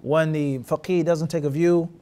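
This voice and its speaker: High-voiced man teaching a hadith class. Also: steady tone, moderate pace, dark tone, slight background noise. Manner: asks the class rhetorical check questions; mixes Arabic terms into English. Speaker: Islamic teacher.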